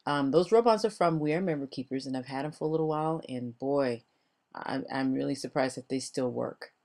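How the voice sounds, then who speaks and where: A woman's voice: very deep voice, brisk, a little mellow. An older woman, chatty and rambling, narrating a voice-over for her craft video and laughing often. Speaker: crafting vlogger.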